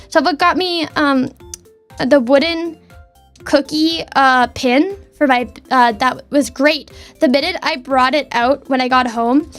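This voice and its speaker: High-voiced stammering woman streamer. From Canada. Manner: stammering, repeats words, heartfelt. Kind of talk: casual chat. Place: home desk.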